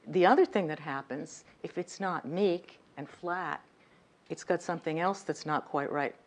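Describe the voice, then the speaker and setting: A woman with a slightly low voice runs a speaking workshop in a lecture room. She leans hard on key words and checks in with her listeners as she goes. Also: normal speed. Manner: emphatic, demonstrative, direct with audience. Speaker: communication coach.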